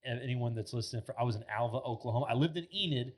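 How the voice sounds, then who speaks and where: Cast a man in his thirties, mid-pitched, for a podcast guest spinning loose, animated tales full of filler words. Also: racing. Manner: animated, rambling, heavy filler words, swears freely. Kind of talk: casual storytelling chat. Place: podcast studio.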